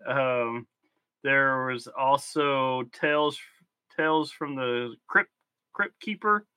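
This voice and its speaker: Man podcast co-host, bright tone, dry close mic, relaxed and hesitant delivery. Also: mid-range voice, takes it slowly, clean tone, no echo. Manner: relaxed, hesitant, many ums while explaining. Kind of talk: casual podcast chat.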